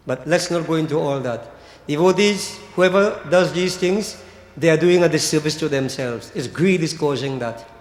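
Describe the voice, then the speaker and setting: A man who is a Hindu priest, preaching a sermon to devotees and repeating his key words for emphasis. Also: fairly high pitch. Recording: echoey hall.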